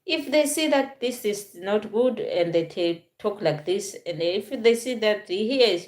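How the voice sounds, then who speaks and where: Halting woman vlogger in her forties. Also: mid-range voice, lively intonation, darkish tone. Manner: halting, repeats and restarts phrases. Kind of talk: casual talk to camera.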